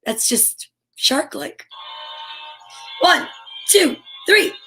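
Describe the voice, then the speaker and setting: A bubbly woman hosts a cheerful live stream, her voice pitched high and bright as she chats with viewers. She talks in exclamations, gasps in excitement and drops into whispers now and then. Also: extremely slow, soft background music. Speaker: storytime host.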